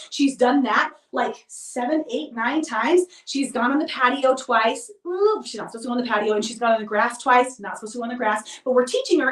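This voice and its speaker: High-voiced mom vlogging, chatty and self-mocking, echoey room, mic kinda far off. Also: female voice. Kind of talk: casual storytelling to camera. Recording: roomy sound, mic at a distance.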